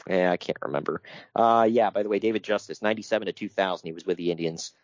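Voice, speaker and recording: A man's voice: low voice, fast, no room sound, muffled recording. A man co-hosting a casual podcast, reading from his notes and riffing on them with wry asides and frequent laughter. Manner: wry, laughs often, reads notes then riffs. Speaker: podcast co-host.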